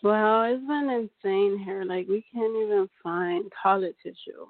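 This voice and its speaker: A woman's voice: mid-range voice, measured pace, no echo. A woman from California calling in to a radio show, talking hesitantly with many ums and restarts. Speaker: caller. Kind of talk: phone call to a radio show. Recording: dry tinny phone line.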